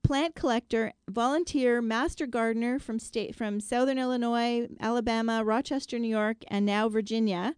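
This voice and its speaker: A woman's voice: fairly high pitch, steady tone, normal speed, few pauses, a little mellow, clear, resonant tone, no room sound. A middle-aged woman hosting a talk show in a chatty, rambling way, full of fillers and restarts. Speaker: radio show host and landscape designer. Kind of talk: casual talk-show chat.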